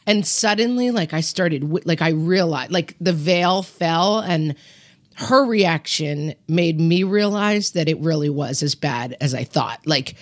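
A woman guest telling a personal story with animated quoted voices. Her voice is on the low side, and the close, dry recording has no room echo. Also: normal speed. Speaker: podcast guest. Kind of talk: casual chat.

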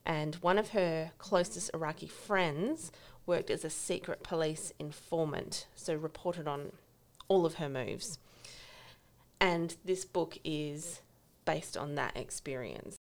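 A woman's voice: deep voice, slow pace. A woman co-hosting a podcast, chatting casually about books she has read and laughing often. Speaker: podcast co-host. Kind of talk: casual book chat.

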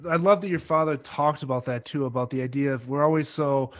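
A man's voice: medium pitch, steady tone, fast talker. A man hosting a casual talk, reflecting thoughtfully on his guest's story. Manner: reflective, encouraging listener. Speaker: host. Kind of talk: casual conversation.

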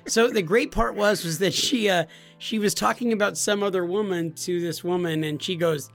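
High-voiced man telling a story with laughs. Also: moderate pace, gravelly, faint music behind. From Nebraska. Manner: animated storyteller, laughs while talking. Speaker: podcast co-host. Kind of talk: casual storytelling chat.

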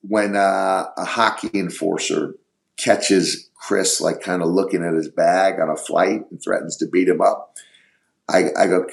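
A middle-aged man telling stories on a podcast, rambling and halting as he searches for words. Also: low voice, fairly even intonation, vocal fry. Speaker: podcast guest. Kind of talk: casual storytelling.

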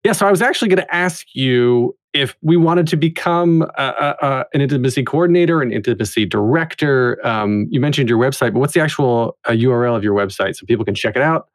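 A man's voice: medium pitch, fast talker, few pauses. A man hosting an interview podcast, asking questions and reacting with enthusiasm. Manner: enthusiastic, appreciative. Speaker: podcast host.

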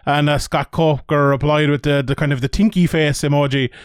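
A man's voice: a little high, flat delivery, brisk, clean tone, dry recording, studio quality. A man hosting a casual combat-sports podcast, chatty, laughing easily and swearing casually. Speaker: podcast host. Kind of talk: casual chat.

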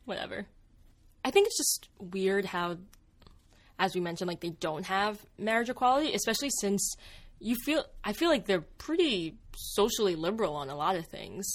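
A young adult woman co-hosting a casual talk show, working on her thesis, chatty and quick to laugh. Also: mid-range voice, very animated. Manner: chatty, uses many fillers, laughs often. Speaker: co-host. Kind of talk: casual chat.

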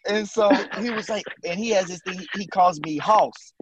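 At a moderate pace and in a high voice, the Houston-born ex-basketball player, late 30s, tells animated stories as a podcast guest, acting out quotes and laughing a lot in a casual interview. A crowd can be heard behind him and the audio is poor.

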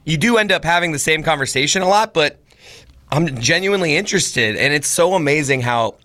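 A man's voice: a little high, lively intonation, brisk, pushed and bright, no echo. A man hosting a casual chat, reassuring and easygoing with his co-host.

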